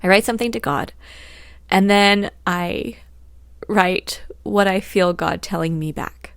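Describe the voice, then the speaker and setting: A woman's voice: mid-range voice, measured pace, no room sound. A woman hosting a podcast, talking candidly about her life with frequent laughs, fillers and restarts, and a little choked up. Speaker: podcast host. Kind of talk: casual personal talk.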